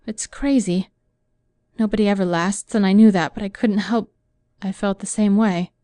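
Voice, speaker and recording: A woman's voice: medium pitch, fairly even intonation, moderate pace, mellow, dry recording, lightly acted. A woman voicing a heartbroken young woman in an audiobook, speaking in a pleading, emotional way. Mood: wistful.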